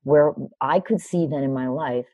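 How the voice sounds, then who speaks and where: Low husky woman in her fifties. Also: moderate pace, no room sound, phone-quality sound. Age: 50s. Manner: animated, emphatic retelling with raised quoted lines. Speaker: personal development teacher. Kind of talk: storytelling in conversation.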